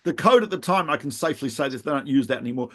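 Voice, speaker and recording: A middle-aged man, a rabbi co-hosting a podcast, telling animated anecdotes with laughs and restarts in casual chat. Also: mid-range voice, racing.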